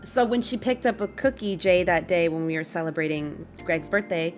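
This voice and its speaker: Faint music plays behind a young adult woman who vents to her stream chat at normal speed in a lowish voice. Laughing throughout, she tells her story as an animated, fed-up rant.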